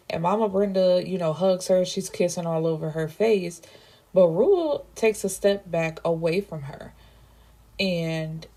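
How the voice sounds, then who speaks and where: A woman book reviewer casually recapping a novel, chatty and emphatic, reacting out loud to the story. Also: fairly low pitch.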